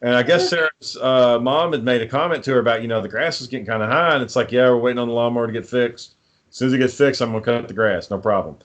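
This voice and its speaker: A man's voice: mid-range voice, fast talker. Profane man telling heated stories. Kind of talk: casual chat.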